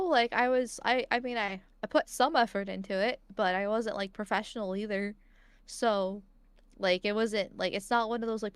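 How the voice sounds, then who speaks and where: A woman streamer chatting casually on a live stream, self-deprecating and halting, with frequent giggles. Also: mid-range voice, clear, resonant tone, dry recording. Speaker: streaming guest.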